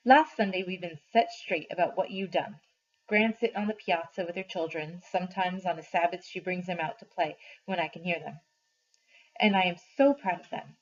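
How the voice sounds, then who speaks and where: Woman teacher reading aloud, lo-fi. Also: lowish voice. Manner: slow, deliberate expressive reading. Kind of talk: reading a novel aloud to a class. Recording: dull lo-fi recording.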